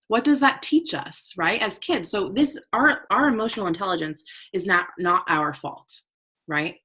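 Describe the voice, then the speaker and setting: A woman with a low, husky voice gives a motivational lesson on emotional intelligence. She talks plainly and casually, often pausing to ask her listeners "right?" or "okay?", and lets the odd swear word slip. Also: animated, a bit bright. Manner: conversational, keeps checking in with "right?" and "okay?"; frank, uses casual swearing. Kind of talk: motivational teaching talk.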